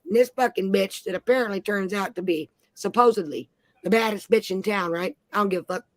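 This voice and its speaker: A woman's voice: mid-range voice, a little fast, dry recording. A woman in her forties telling brash, profane stories in a casual chat. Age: 40s. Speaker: panel host.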